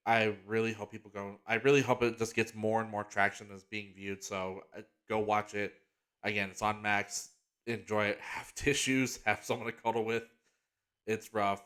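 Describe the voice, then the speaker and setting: A man's voice: lowish voice, little pitch movement, normal speed, a bit bright, clear, resonant tone. Rambling, enthusiastic male podcast host. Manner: rambling, enthusiastic, heavy use of "like" and restarts; gets emotional and earnest about a heartfelt topic. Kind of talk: casual solo podcast chat.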